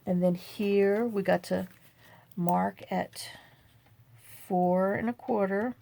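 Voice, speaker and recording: Gravelly older woman. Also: mid-range voice, steady tone, slow, dark tone, a little hiss or hum. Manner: rambling, chatty, talks to herself while working. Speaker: craft tutorial host. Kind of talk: chatty crafting tutorial.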